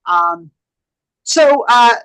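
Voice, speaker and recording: A woman's voice: a little high, lively intonation, drawn-out words, fairly bright tone, clear, resonant tone, poor audio. A woman hosting an interview, eager and full of praise for her guest. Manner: eager, effusive. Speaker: host.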